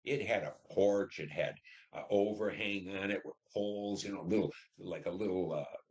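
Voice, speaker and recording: Deep-voiced older man, war stories. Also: normal speed, a little mellow. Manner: plain storytelling, acts out dialogue. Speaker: Vietnam War veteran interviewee. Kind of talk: oral history interview.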